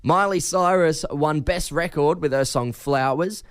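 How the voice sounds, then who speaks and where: An Australian man hosting breakfast radio, upbeat and brisk with callers. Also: a little high, clean tone, no room sound, clean studio sound. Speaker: radio host. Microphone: studio microphone.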